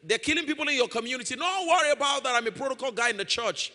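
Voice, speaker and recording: A preacher doing a breezy church deacon. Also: male voice, extremely high pitch, racing, bright, forceful tone. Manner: breezy, offhand reassurance. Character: relaxed, boastful male church protocol officer. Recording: long hall reverb.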